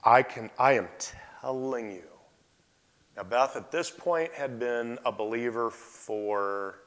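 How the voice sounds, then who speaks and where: A man's voice: medium pitch, slow pace, smooth. Man preaching in a reverberant hall. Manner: expressive preaching, dropping to quiet asides. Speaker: pastor. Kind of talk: sermon.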